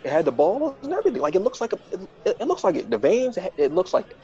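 A male podcast host telling a casual, self-mocking story and jumping into high, flustered voices when he quotes himself. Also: huge pitch swings, fast, warm tone, breathy edge, highs cut off.

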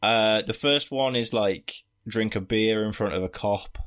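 A man's voice: fairly low pitch, a little slow, fairly bright tone. A man co-hosting a podcast, recapping a film in a rambling, joking way with lots of fillers. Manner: rambling, with frequent fillers and jokey asides. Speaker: podcast co-host. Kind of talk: casual film-review chat.

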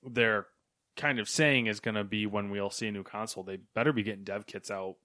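A man's voice: on the low side, steady tone, a little fast, sharp tone, no room sound. A man co-hosting a casual gaming podcast, ranting with exasperation and swearing. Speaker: podcast co-host. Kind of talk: casual gaming news chat.

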